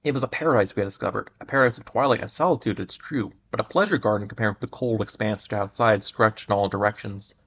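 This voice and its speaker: A man with a low, gravelly, slightly bright voice gives a measured, dramatic reading of an old pulp adventure story. He occasionally stumbles and restarts a word, and the recording is muffled and lo-fi.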